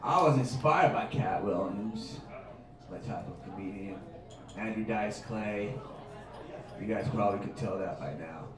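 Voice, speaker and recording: A man's voice: on the low side, unhurried, a crowd in the background. Casual man hosting a bar comedy night. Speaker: host. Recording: echoey bar from far off.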